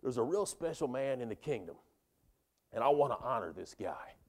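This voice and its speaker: A man's voice: medium pitch, sing-song, moderate pace, a little mellow. A man voicing an ancient king who talks in laid-back modern slang. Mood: earnest.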